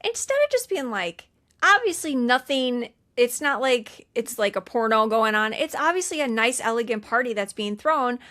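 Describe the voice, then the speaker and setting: A woman's voice: a little high, big pitch swings, normal speed, pushed and bright. A young woman co-hosting a movie rewatch podcast, retelling the plot in chatty, indignant casual talk with free swearing. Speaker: podcast co-host. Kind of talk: casual movie recap chat.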